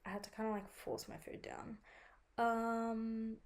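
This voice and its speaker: A woman's voice: a little high, level tone, unhurried. A young woman vlogging at home in a casual, chatty way, full of "like" and swearing, with a sore throat from a cold. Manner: chatty, frequent "like" and swearing, dramatizes her own reactions. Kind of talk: casual vlog chat.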